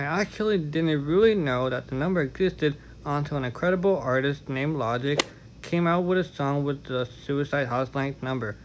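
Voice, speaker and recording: Frank, chatty man with a higher voice. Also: moderate pace, faint music behind, rough recording. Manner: frank and candid, chatty asides. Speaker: vlogger. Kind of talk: casual talk to camera.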